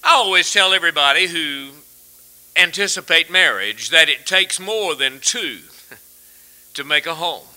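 Bright-voiced man preaching a sermon. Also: a little high, animated, measured pace, low-quality recording. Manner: folksy, earnest, tells stories and jokes.

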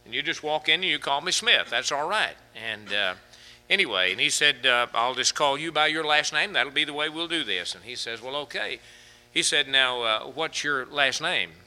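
Bright-voiced male preacher, rising fervor. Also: medium pitch, expressive, moderate pace. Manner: humorous anecdotes with fillers. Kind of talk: sermon.

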